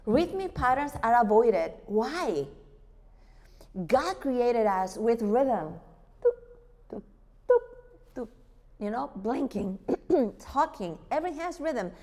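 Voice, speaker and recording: A woman teaching a church group about worship music, lively, asking rhetorical questions. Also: on the high side, takes it slowly. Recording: long hall reverb.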